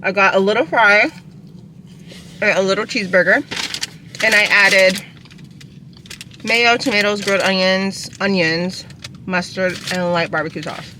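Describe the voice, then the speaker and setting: A woman's voice: medium pitch, fairly even intonation, unhurried, pauses often, noisy background. A young woman, chatting casually in a car while eating, rambling and talking with her mouth full. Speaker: vlogger. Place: inside a parked car.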